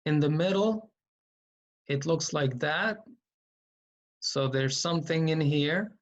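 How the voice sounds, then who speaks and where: A man teaches Quran reading slowly and without hurry, patiently explaining and repeating every sound, with lots of filler words. His voice is a little high, and the audio is lo-fi.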